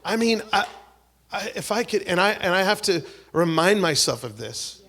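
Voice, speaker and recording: A man preaching a sermon, swinging between loud exhortation and hushed, whispered prayer, acting out the voices he quotes. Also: high voice, sing-song, normal speed. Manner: acts out quoted voices, repeats words and restarts.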